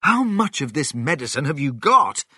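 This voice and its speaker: A reader voicing an excited middle-aged father, raised in pitch and quick. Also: gravelly, slightly rough, no echo, studio quality, full character voice.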